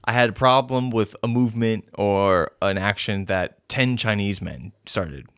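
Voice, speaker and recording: A man's voice: lowish voice, a little slow, fairly bright tone, clean tone, dry recording, clean studio sound. Frank, swearing young man in casual chat. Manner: frank, swears often, argues points out. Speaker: podcast host.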